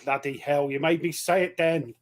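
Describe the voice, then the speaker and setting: English man in his forties, slightly high voice, rambling joker on a podcast panel. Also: fairly even intonation, moderate pace. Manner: jokey, rambling storyteller. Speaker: podcast guest. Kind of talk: casual chat.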